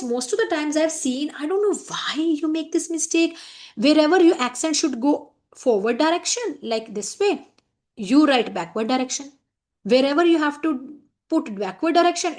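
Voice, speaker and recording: Here is an Indian woman in middle age teaching a French lesson, her voice a little high. She explains each phrase slowly and firmly warns her students off common mistakes. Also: darkish tone. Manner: switches between French, English and Hindi, explaining each phrase; firm, scolding reminders about mistakes. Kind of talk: classroom lesson explaining a letter.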